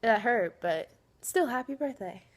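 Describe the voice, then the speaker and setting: A woman records a casual vlog and talks straight to her friends. Her fairly high voice is animated and dramatic as she swings between pleading and playful teasing. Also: a little slow. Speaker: vlogger. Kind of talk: casual direct-to-camera vlog addressed to friends.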